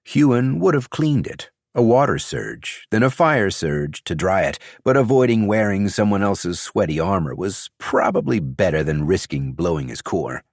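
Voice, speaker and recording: This low-pitched male narrator delivers a scripted audiobook with measured, expressive storytelling. The studio-quality recording carries no room sound.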